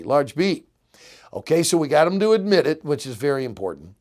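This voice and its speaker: A man's voice: fairly high pitch, a little mellow. A middle-aged man giving an earnest, emphatic lecture on counseling, addressing students directly. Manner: earnest, emphatic, illustrates with examples. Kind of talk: recorded seminary lecture.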